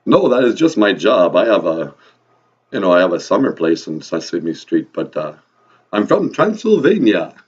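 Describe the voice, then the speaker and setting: A man's voice: deep voice, sing-song, takes it slowly, few pauses, slightly rough, voice pushed down, heavily acted. A man doing a theatrical vampire count. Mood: grandly polite. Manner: theatrical vampire accent, laughs "ah, ah, ah" after lines. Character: male vampire count from Transylvania. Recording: distant, dull lo-fi mic.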